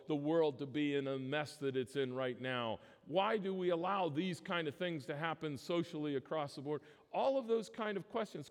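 Earnest pastor preaching in a reverberant church. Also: male voice, on the high side. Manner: earnest, emphatic, with frequent restarts. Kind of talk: sermon. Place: church sanctuary.

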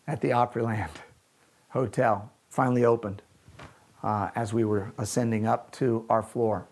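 A man preaching a sermon as a pastor, earnest, often slowing down and dropping to a soft, quiet voice on key lines. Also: lowish voice, steady tone.

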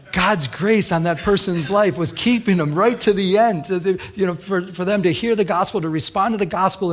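A husky, slightly higher-pitched man preaches on the radio in an easy, conversational way. He is middle-aged and tells stories from his own life, acting out the voices of the people in them. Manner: conversational storytelling preacher, acts out quoted voices. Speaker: pastor. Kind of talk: radio sermon.

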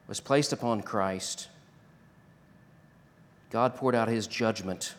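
A male pastor with a medium-pitched voice delivers a sermon and closing prayer in a church sanctuary, with the long reverb of a large hall. He rises to loud, emphatic declarations, then drops to a hushed, slow prayer.

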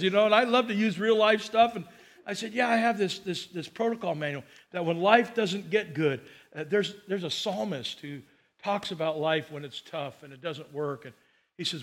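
A middle-aged man preaching a sermon as pastor, chatty and storytelling with quick asides, slowing down and lifting his voice when he preaches scripture. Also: high-pitched, fairly bright tone. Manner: slows and lifts voice to preach scripture.

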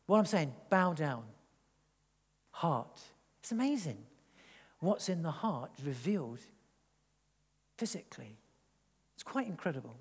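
A man from England, preaching a sermon in a church, animated and rambling with frequent restarts. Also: a little high, unhurried, long pauses, husky, long reverb tail. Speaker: pastor. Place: church hall.

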